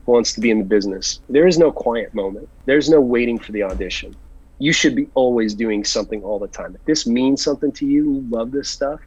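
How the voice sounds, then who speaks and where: Guy with a husky voice, actor guest telling stories, kinda dull lo-fi sound. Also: medium pitch, no room sound. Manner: animated storyteller, earnest advice. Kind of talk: casual interview chat.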